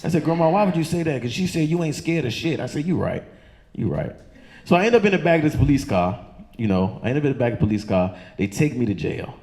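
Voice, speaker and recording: Profane stand-up comic. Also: male voice, big pitch swings, fast talker, creaky, darkish tone. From Chesterfield County, Virginia. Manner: loose, profane, acts out voices with high squeaky outbursts. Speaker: stand-up comedian. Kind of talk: stand-up storytelling. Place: comedy club stage.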